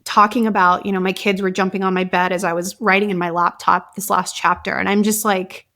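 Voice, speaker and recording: A woman guest and author talking casually in an interview, telling stories in a lively way and filling her speech with "like". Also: medium pitch, fairly quick. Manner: animated storytelling, many fillers like "like". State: emotional at times. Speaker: guest, author and somatic practitioner.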